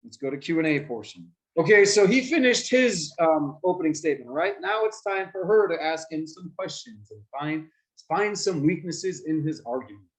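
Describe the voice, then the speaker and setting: A man teaching a class of children how debate works, with a slightly high voice. He keeps asking his students questions and acts out short examples as he explains. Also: expressive, normal speed, low-quality recording.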